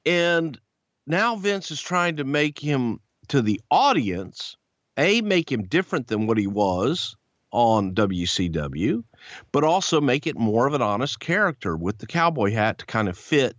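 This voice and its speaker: A man with a Southern accent talks bluntly and colorfully, swearing freely as he tells a story. His pitch rises and falls constantly, and he often slips into excited voices. The recording is dry and somewhat dull, with little high end. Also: unhurried, no room sound. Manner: blunt, profane, animated, puts on excited voices. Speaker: podcast co-host. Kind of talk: casual storytelling chat.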